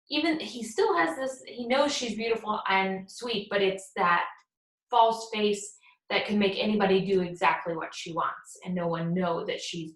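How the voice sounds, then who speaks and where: A woman's voice: medium pitch, fairly bright tone. A woman teacher giving a conversational lecture, retelling a play and reading its lines plainly between explanations. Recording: echoey room.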